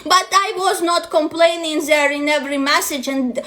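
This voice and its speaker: A woman's voice: high-pitched, normal speed, pushed and bright. A woman coach with a non-native English accent, ranting bluntly and profanely to her vlog audience. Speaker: destiny matrix coach.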